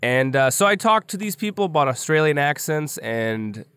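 A man's voice: on the high side, sing-song, normal speed, fairly bright tone, clean tone, dry recording. A man co-hosting a casual show, joking and laughing as he introduces segments and chats with fans. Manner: joking, upbeat, laughs often. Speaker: podcast co-host. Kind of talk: casual chat and fan interviews.

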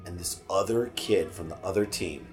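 A middle-aged man, a podcast guest, telling a personal story in casual chat, animated and swearing freely, acting out what people said. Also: deep voice, moderate pace, faint music behind.

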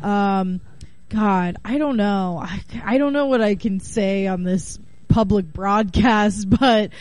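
A woman's voice: medium pitch, slow, no echo. A woman comedian chatting on a radio show, acting out both sides of her anecdotes and laughing often. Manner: animated storyteller who acts out both sides of the dialogue. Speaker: comedian guest. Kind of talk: casual radio chat.

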